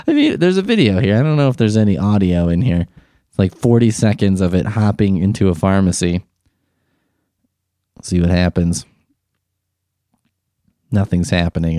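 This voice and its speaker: A man's voice: low-pitched, expressive, normal speed, pauses often, warm tone, no room sound, clean studio sound. A man reading news aloud and mocking it with sarcastic, profane riffs. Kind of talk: sarcastic comedic commentary.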